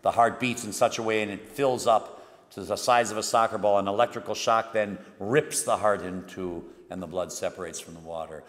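A man preaching a homily as a priest, telling the story dramatically and moving between hushed and emphatic delivery. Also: on the low side, fairly even intonation, normal speed. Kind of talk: sermon. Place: church. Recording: long church reverb.

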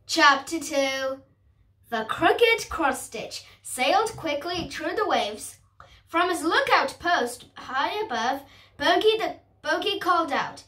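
A woman reading a storybook aloud, carefully and haltingly, restarting words as she goes. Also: sits high, lively intonation, sharp tone, recorded from a distance.

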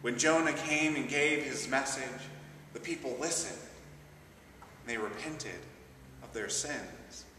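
A man's voice: mid-range voice, slow, long pauses, noisy background. Man preaching casually in echoey church. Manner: conversational, humorous storytelling. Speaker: assistant pastor. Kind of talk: sermon. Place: large church. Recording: echoey church from a distant mic.

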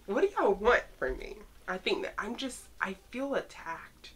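A young woman chatting casually as she reacts to photos, excitable and teasing, talking straight to the pictures. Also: mid-range voice, moderate pace, breathy edge. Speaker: fan vlogger reacting to photos.

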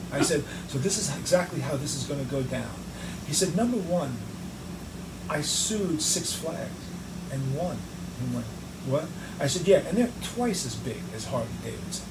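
A high-pitched man tells his story fast and profanely, playing both sides of each phone call himself. He sounds far from the mic in a roomy space, with clear noise behind him. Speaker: guest musician. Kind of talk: animated storytelling in an interview.

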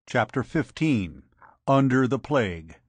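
Male audiobook narrator, measured and slow, dry recording. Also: medium pitch, animated, breathy edge, no room sound.

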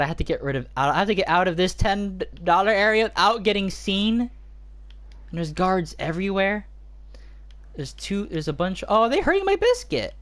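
A gaming host giving excitable let's play commentary, with shrieks and panicked outbursts. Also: mid-range voice.

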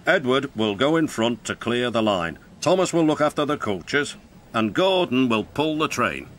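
A man's voice: medium pitch, very animated, moderate pace, noisy background, close to an everyday voice. A man voicing a pompous, stout male railway boss with a formal, commanding way of speaking. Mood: kindly. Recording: music clearly behind.

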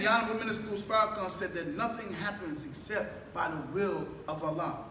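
A man preaching a sermon in a mosque hall, firing rhetorical questions at the congregation, drawing their responses and building up to shouts. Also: high-pitched. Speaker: mosque minister. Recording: echoey room, distant mic, faint background noise.

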